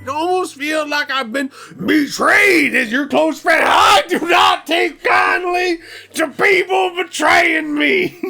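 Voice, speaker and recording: A woman voicing an earnest young male student, talking in a loud, melodramatic, exclaiming way. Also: on the high side, big pitch swings, unhurried, breathy edge, faint music behind, full character voice. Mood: hurt.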